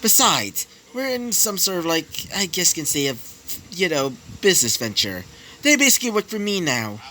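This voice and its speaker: A man voicing a scheming male crime boss in a fan-made story, shouting insults and mocking his foes. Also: sits high, very animated, normal speed, slight background noise, voice pushed up, exaggerated voice.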